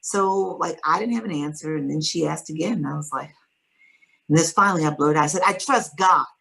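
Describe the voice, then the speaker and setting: A woman's voice: low voice, brisk, creaky, a bit bright, poor audio. A middle-aged woman, an interview guest and author, earnestly recounting a personal faith story with quoted dialogue.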